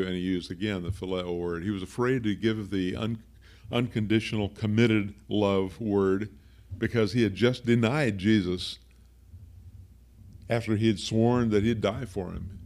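A man's voice: lowish voice, steady tone, measured pace, a little mellow. A man preaching a conversational sermon as a pastor, explaining word meanings with friendly asides.

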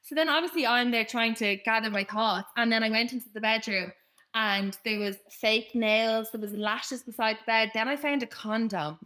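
Young woman, podcast co-host, lively swearing storyteller, bright, slightly high voice. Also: moderate pace. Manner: animated, swearing, laughing storyteller. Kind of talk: casual storytelling chat.

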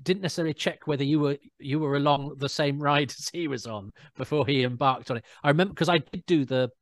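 A man's voice: on the high side, fast talker, no echo. A man chatting casually as a guest, telling anecdotes and quoting people in put-on voices. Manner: anecdotal, imitates people in quotes. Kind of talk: casual chat.

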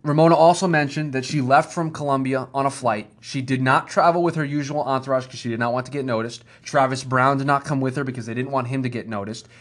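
A man co-hosting a podcast, talking fast and emphatically in casual chat and building to a rant. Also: mid-range voice, fairly even intonation. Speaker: podcast co-host. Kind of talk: casual wrestling talk.

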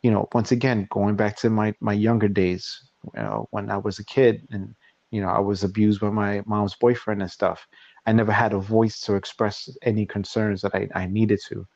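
A man's voice: on the low side, little pitch movement, moderate pace, darkish tone, dry recording. A man in his forties hosts a podcast and tells a personal story in a loose, casual way. He acts out both sides of an argument. The sound is dull and dry, like a lo-fi home recording. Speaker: podcast host. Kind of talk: casual chat.

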